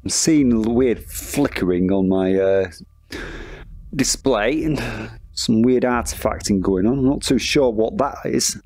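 A man's voice: medium pitch, measured pace, darkish tone, no room sound. A man giving sarcastic first-impressions commentary while playing a VR game. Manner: sarcastic, dry. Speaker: gaming video host. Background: game music.

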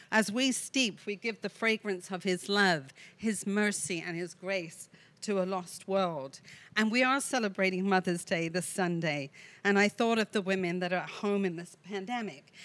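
A woman's voice: medium pitch, fairly bright tone, dry recording. A woman, a women's ministry speaker giving a chatty, storytelling devotional talk and asking rhetorical questions. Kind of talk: warm devotional talk at a virtual tea. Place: chapel.

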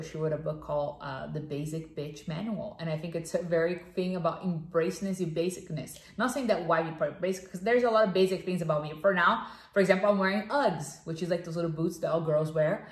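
A chatty woman co-hosting a casual podcast, talking on with plenty of fillers and restarts. Her voice sits a little low for a woman. She is heard in a roomy, echoey space. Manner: chatty, animated, many fillers. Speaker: podcast co-host. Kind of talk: casual chat. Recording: echoey room.

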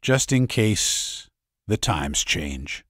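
A man voicing a grim, weary fighter who speaks bluntly and states hard facts flatly. His voice sits a little higher than the narrator's low tone. The sound is dry and close. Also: extremely slow, breathy edge, no room sound, heavily acted.

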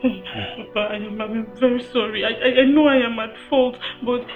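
Actress as a tearful, high-voiced woman. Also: steady tone, moderate pace, narrow, tinny audio, music in the background, lightly acted. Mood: pleading tearfully. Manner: tearful, pleading. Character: desperate young woman begging to stay. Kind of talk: film drama acting.

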